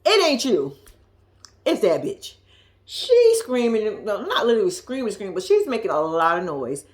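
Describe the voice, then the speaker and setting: A woman's voice: mid-range voice, very animated, moderate pace. A woman recapping a reality show episode for her viewers, blunt and profane, calling out the people on screen. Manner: blunt, profane, sassy, talks straight to viewers. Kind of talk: casual recap commentary.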